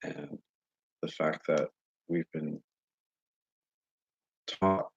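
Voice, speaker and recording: A man talking straight to his viewers in a casual monologue, earnest and halting as he searches for words. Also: very deep voice, steady tone, slightly rough, dry recording. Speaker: vlogger addressing viewers. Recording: dull lo-fi recording.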